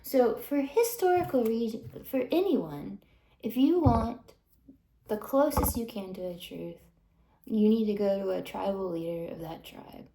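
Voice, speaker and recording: Woman, indignant vlog rant, gravelly, dark tone, whispered asides. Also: medium pitch, a little slow, roomy sound. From United States. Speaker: vlogger. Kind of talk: ranting monologue to camera.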